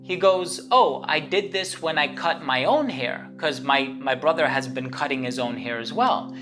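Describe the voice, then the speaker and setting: A woman's voice: deep voice, expressive, moderate pace. A woman hosting her own channel, telling a story to the camera in a chatty, rambling way, full of fillers and restarts. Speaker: channel host. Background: guitar music.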